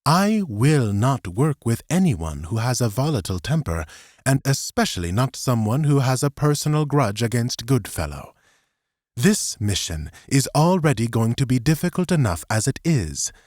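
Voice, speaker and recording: Man playing a formal ambassador, measured and precise, somewhat raised pitch, dry audiobook sound. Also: very animated, darkish tone, no room sound. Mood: calm insistent. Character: calm, formal male ambassador, unbending.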